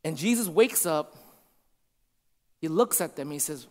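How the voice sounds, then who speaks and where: A man preaching a sermon to a congregation, conversational and checking in with his listeners, dropping to a hush for emphasis. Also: high voice, animated, measured pace, pauses often. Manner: shifts from loud to hushed for emphasis. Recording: long hall reverb.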